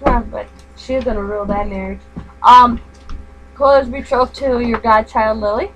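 A woman's voice: on the high side, fairly even intonation, moderate pace, a crowd in the background, poor audio. An older woman with a grandmother's manner, chatting and rambling while crafting at home. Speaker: craft vlogger. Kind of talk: casual chat while crafting.

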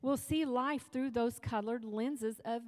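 A woman's voice: a little high, measured pace, long reverb tail. A woman preaching at a women's retreat, talking to the crowd in a loose, joking way. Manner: conversational, humorous preaching with asides. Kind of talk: sermon. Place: church hall.

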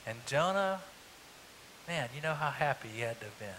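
A man delivers a sermon as pastor, retelling the story with a bright, forceful voice and friendly rhetorical questions. The sound carries a long reverb of a church hall. A faint hiss runs beneath it. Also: fairly high pitch, animated, normal speed. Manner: conversational storytelling, rhetorical asides. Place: church sanctuary.

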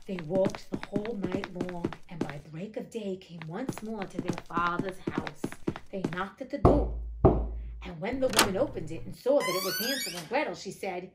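Lady reading a fairy tale aloud, cuts in with sassy cussing asides, middle pitch that jumps way up when she gets worked up. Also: animated, moderate pace, heavy background noise. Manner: blunt, profane, indignant asides. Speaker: audiobook reader and host.

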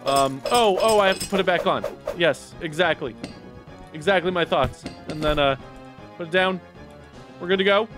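A man giving excitable let's play commentary, reacting loudly to a game as he plays. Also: sits high, moderate pace, music in the background. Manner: excitable, yelps and shouts at the game. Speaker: gaming YouTuber.

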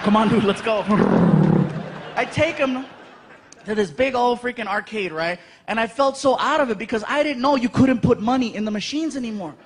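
A man's voice: very high-pitched, normal speed, slight background noise. A man in his thirties performing a stand-up comedy set, telling stories animatedly and acting out many voices. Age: 30s. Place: large live venue.

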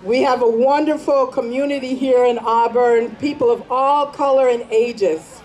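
A woman's voice: fairly high pitch, fairly even intonation, moderate pace, darkish tone, slight background noise, rough recording. A woman storyteller giving a dramatic story performance at a community celebration, shifting into character voices. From United States.

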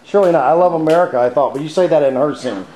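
A man, an acting coach, making brisk, encouraging director's calls. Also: a little high. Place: echoey studio kitchen. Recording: echoey room with a small crowd.

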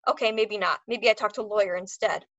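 A furious German-accented dog trainer man, loud and raised in pitch, spitting broken English, as a woman reads him aloud. The sound is dry and a little muffled. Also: fast talker, dry recording. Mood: scheming.

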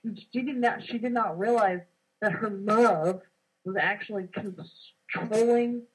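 A woman's voice: medium pitch, a little slow, slightly rough, poor audio. A young woman recounting a dream in casual conversation, acting out the quoted lines as she tells it. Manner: animated storytelling with acted-out quotes. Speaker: co-host.

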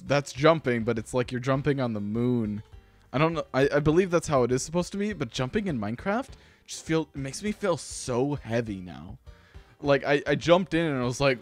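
Man, casual let's-play commentary, rambling and self-deprecating, middle pitch, faint game music behind. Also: no echo. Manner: rambling, self-deprecating, prone to excited outbursts. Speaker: gaming channel host.

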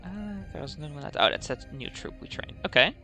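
A man's voice: medium pitch, quick pace, over music. A young man hosting a let's-play, thinking aloud as he plays and saying "okay" over and over. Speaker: gaming channel host. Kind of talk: casual let's-play commentary.

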